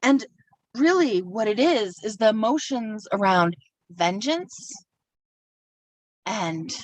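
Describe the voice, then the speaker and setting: A woman's voice: medium pitch, big pitch swings, takes it slowly, no echo, recorded from a distance, low-quality recording. A woman delivering a sermon from a pulpit, reflective and personal, speaking her feelings aloud as she works through them. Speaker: minister.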